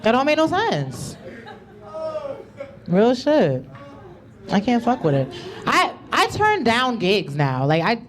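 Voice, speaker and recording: A woman's voice: a little high, wildly swooping pitch, slow pace, pauses often. A woman doing a stand-up comedy set with a loose, slangy, conversational delivery. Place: comedy club stage.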